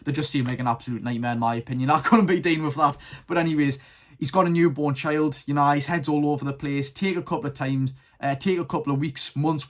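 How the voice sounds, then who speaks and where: A seventeen-year-old with a Geordie accent, chatting casually to camera about his football club with strong opinions. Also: on the high side. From North East England. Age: teens. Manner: chatty, rambling, keen opinions. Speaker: football fan vlogger.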